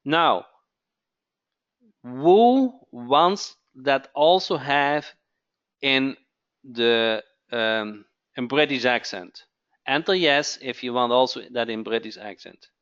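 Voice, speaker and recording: Slow-talking man hosting a webinar. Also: mid-range voice, fairly bright tone, smooth, dull audio. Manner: keeps checking in with "okay?", repeats phrases. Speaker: webinar host. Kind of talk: live webinar sales pitch.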